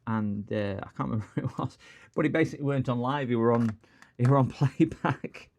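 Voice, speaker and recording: A man's voice: medium pitch, brisk, a little mellow. Chatty man streaming repairs. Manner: jokey, rambling, answers chat comments. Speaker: repair livestream host. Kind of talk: casual livestream chat while repairing.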